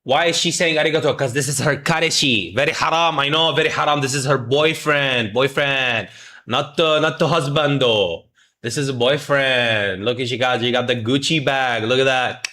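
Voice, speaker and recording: Man, medium pitch, forceful bright tone; playful stream teacher drilling phrases. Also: normal speed. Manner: jokey, mock-scolds chat, drills pronunciation. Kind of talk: playful livestream lesson.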